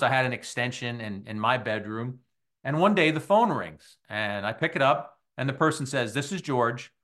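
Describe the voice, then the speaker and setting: This casual storytelling monologue comes from a middle-aged man hosting a sports podcast. His pitch is medium, and he tells the tale with energy, imitating the voices of the people in it.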